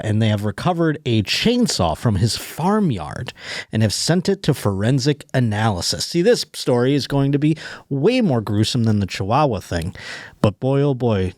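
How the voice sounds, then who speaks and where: A man's voice: mid-range voice, darkish tone, no echo, studio quality. A man hosting a comedy podcast, reading news stories aloud with jokes and laughter. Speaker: podcast host. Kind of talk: casual comedic chat.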